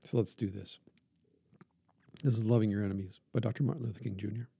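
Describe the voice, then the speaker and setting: Male preacher, gravelly and dark-toned, measured sermon reading with building emphasis. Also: lowish voice, no echo. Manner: measured and earnest, halting pauses, rising emphasis when reading. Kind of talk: podcast reflection and sermon reading.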